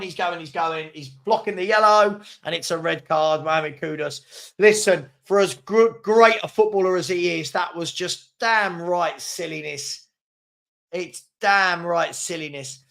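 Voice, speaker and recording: A man's voice: high-pitched, unhurried, creaky, fairly bright tone. A man hosting a live football watchalong, reacting to the match and answering viewers' chat with frequent chuckles. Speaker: host of a football fan watchalong.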